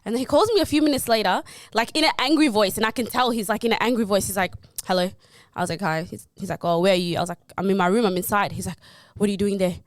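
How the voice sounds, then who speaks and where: A woman co-hosting a podcast, telling a story in a quick, animated way with bursts of laughter. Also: medium pitch, no echo, studio quality. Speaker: podcast co-host. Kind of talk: casual chat, storytelling.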